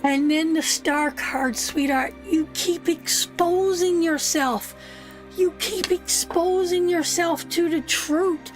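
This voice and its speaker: A high-pitched woman reads tarot live, warm in tone but blunt, calling the listener sweetheart again and again. Faint music plays softly underneath her voice. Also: fairly even intonation, takes it slowly. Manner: soothing, repeats "sweetheart" often, emphatic and earnest; blunt, swears now and then. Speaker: tarot reader.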